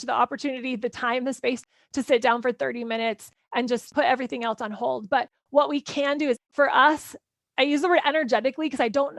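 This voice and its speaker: Fast high-voiced woman coaching parents. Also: no room sound. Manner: earnest and encouraging, quick run-on phrasing with "like". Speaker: parenting coach and podcast host. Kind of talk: live workshop answering listener questions.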